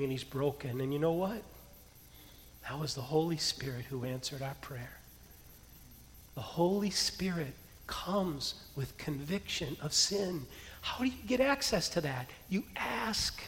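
A man preaching a sermon as pastor, telling a story with lively energy and quieting into soft prayer. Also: a little high. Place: church hall. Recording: long hall reverb.

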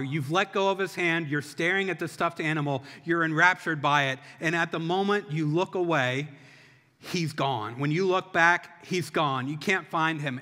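A man's voice: on the high side, sharp tone. A man preaching a sermon as a pastor, impassioned, with rhythmic repetition. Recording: long hall reverb.

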